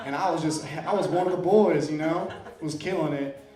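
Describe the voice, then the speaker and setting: A man's voice: a little high, brisk, roomy sound, distant mic, over loud music. A man from Iowa doing an open-mic stand-up set in a comedy club, playful and self-deprecating as he works the crowd.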